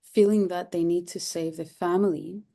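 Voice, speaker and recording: A woman's voice: lowish voice, steady tone, moderate pace, vocal fry, warm tone. A woman therapist from Cyprus as an interview guest, speaking thoughtfully with many fillers and repeated phrases. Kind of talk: interview conversation.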